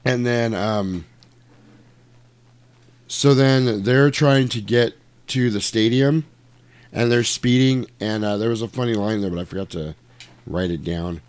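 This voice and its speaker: A man casually retelling a movie plot in chat, animated and swearing, acting out lines in put-on voices. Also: lowish voice, measured pace, long pauses, clean tone.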